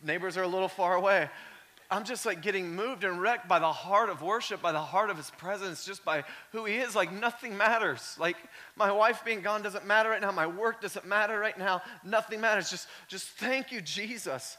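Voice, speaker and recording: A male pastor preaching a sermon in a conversational way, full of "like" fillers, moving from quiet storytelling up to shouting. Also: high-pitched, brisk.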